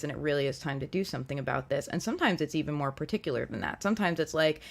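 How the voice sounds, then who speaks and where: A woman hosting a casual live-stream tarot reading, earnest and reflective as she gently advises her viewers. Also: sits low, animated, quick pace, hardly any pauses. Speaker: tarot reader and show host.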